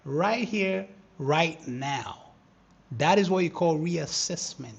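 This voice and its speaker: Animated trading-stream host, a man with gravelly voice. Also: a little high, takes it slowly, muffled recording. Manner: animated, teasing, bursts into excited shouting. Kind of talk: live market commentary.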